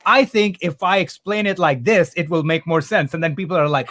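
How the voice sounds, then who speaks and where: Brief: upbeat male host on a video call, slightly high voice, quick chatty delivery. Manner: fast, animated, lots of "like". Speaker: host and course instructor. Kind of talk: casual livestream chat.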